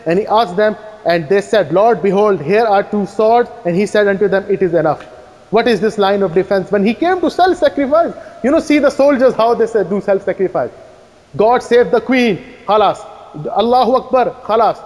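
High-voiced man rebutting in a debate. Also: lively intonation, darkish tone. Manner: fast, insistent, challenging questions. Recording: echoey hall reverb.

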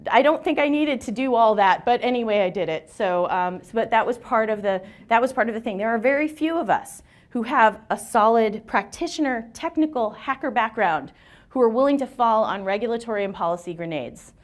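Lively woman giving a seminar talk. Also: on the high side. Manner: lively, joking, self-deprecating. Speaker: seminar speaker. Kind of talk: conference talk. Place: lecture room.

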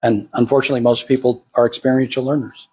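A man's voice: mid-range voice, little pitch movement, quick pace, a little mellow, breathy edge. A man preaching to a congregation, acting out the voices of the people he quotes. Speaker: pastor. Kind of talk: sermon.

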